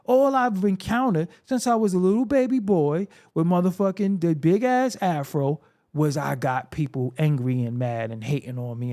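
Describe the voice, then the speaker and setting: A man's voice: a little high, moderate pace, few pauses, mellow. A man hosting a solo hip-hop commentary show, talking bluntly and profanely, with a confrontational, preaching manner. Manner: repetitive, preaching.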